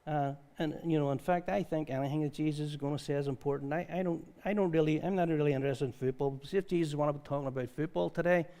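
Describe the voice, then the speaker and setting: In a church service, a pastor whose voice sits slightly above average gives a conversational sermon, talking fast with few pauses. He alternates between reading scripture aloud and telling stories in a lively, informal manner.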